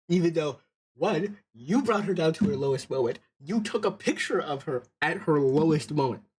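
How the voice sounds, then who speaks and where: Husky, animated man streaming a game. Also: on the high side. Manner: animated, profane, exasperated. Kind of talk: let's play commentary, reading game dialogue aloud.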